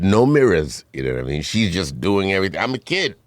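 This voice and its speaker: A man hosting a casual podcast chat, telling childhood stories in an animated way with squeaky impressions. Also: a little fast, creaky, no echo, clean studio sound. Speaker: podcast host.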